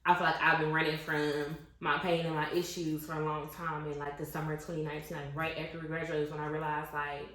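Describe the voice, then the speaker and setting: A woman's voice: deep voice, quick pace, hardly any pauses. Candid young woman in an echoey room. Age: 20s. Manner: animated, candid, slangy storytelling. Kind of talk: casual storytelling chat.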